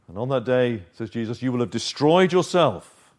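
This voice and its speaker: A man preaching a sermon, earnest and emphatic, with dramatic pauses and swings of volume. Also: mid-range voice, expressive.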